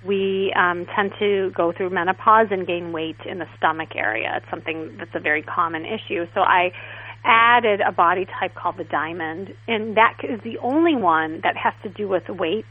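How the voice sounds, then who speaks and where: A woman guest stylist in a casual interview, telling stories in a chatty, animated way. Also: on the low side, moderate pace. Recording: tinny phone line.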